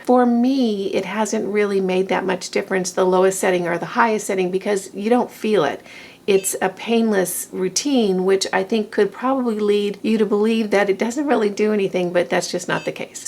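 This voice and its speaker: A woman's voice: medium pitch, creaky. A woman in her fifties, a beauty vlogger, casually walking viewers through her skincare device routine with friendly tips. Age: 50s. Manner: chatty, friendly how-to explaining. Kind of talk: casual product demo.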